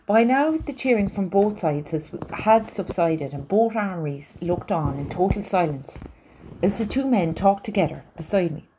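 A woman reading a novel aloud in a steady, unhurried way. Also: medium pitch, a little hiss or hum. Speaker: storyteller.

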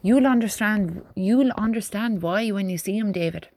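A woman voicing a gentle young male soldier who talks softly and coaxingly to a horse, in a dry recording. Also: mid-range voice, normal speed, dry recording, lightly acted. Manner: soft, coaxing.

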